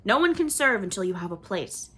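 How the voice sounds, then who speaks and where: A stern woman in charge of a busy hall barks orders sharply, voiced by a woman reading aloud. She sounds loud and commanding, clipped at the ends. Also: medium pitch, very animated, brisk, breathy edge. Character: stern older woman running a dining hall.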